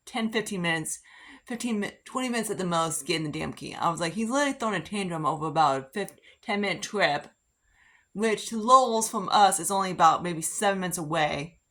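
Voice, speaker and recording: A woman's voice: fairly low pitch, expressive, brisk, sharp tone. A woman rambling through a casual get-ready-with-me makeup chat, full of "like" and fillers. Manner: rambling, filler-heavy, frequent "like". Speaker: beauty vlogger.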